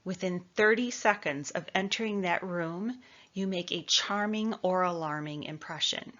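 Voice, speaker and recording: A woman from the Midwest teaches presentation skills in a clear, measured coaching voice. Her voice sits a little low for a woman. The recording is somewhat dull and lo-fi. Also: sharp tone. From American Midwest. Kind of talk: instructional talk.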